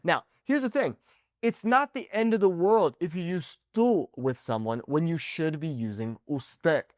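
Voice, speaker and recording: Animated male language teacher. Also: on the high side, a little slow, no room sound, studio quality. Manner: animated, keeps checking in with "okay?". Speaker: Spanish teacher. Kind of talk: online language lesson.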